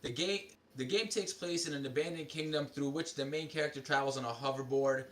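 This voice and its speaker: A man's voice: medium pitch, fairly quick, fairly bright tone. A man co-hosting a casual gaming podcast, reading game news aloud and adding offhand comments. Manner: reads listings aloud with asides. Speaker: podcast co-host.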